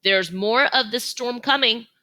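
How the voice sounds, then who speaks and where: A woman's voice: a little high, measured pace, bright, forceful tone, pitched above the performer's own voice. A woman voicing a commanding yet caring female elephant matriarch in a storybook reading, firm in her instructions.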